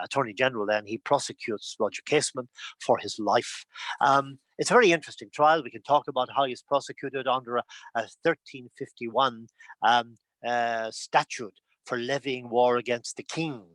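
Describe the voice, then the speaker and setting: A man's voice: mid-range voice, a bit bright, no room sound. A man giving a history lecture over a video call, telling it as a story with frequent asides, fillers and restarts. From Ireland.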